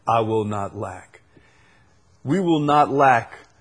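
A man preaching a sermon, repeating key phrases and swinging between loud proclaiming and quiet intensity. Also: mid-range voice, expressive, slow.

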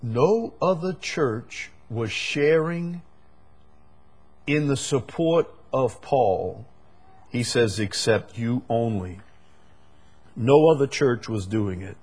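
A man preaching a sermon, emphatic, rising to loud peaks and dropping to quiet asides. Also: medium pitch, slow, pauses often, husky.

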